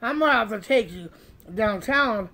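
A man's voice: high voice, lively intonation, normal speed, sharp tone, full character voice. A man putting on the voice of a police officer who sounds chummy yet officious. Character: folksy male police officer.

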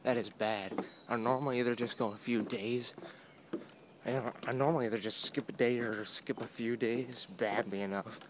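A young man with a mid-range voice vlogs while walking along a boardwalk, speaking at normal speed into a phone held at arm's length. His talk is casual, rambling and self-mocking, and the outdoor phone audio carries steady noise.

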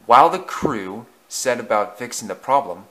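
A man narrating a children's railway story in a gentle, measured way. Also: medium pitch, animated.

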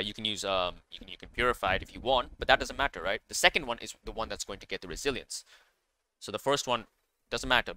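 A man's voice: on the low side, pushed and bright, clear, resonant tone, no echo. A man commenting casually on a card game, enthusiastic and rambling, with many fillers and self-corrections. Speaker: card game content creator.

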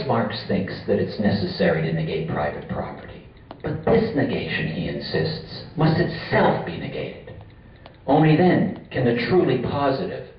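A man giving an academic lecture at a conference, measured and repeating key phrases for emphasis. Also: fairly low pitch. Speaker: conference speaker. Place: conference room. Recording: far-off echoey lo-fi hall recording.

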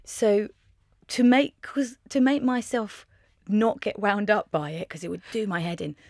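A woman's voice: mid-range voice, a little slow, dry recording, studio quality. Woman telling family anecdotes. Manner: animated anecdotal storyteller. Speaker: guest. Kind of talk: casual chat.

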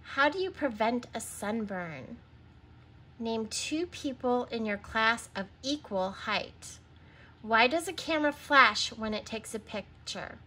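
A woman teaching young children to read in a recorded lesson. Her voice is bright and a little high, and she takes her time, sounding words out and spelling them letter by letter. She patiently prompts her listeners to stop and answer. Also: animated, slow, husky.

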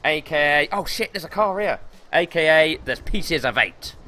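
A young man streaming gameplay live, excitable and swearing as he talks himself through the match. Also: a little high, normal speed. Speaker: gaming streamer.

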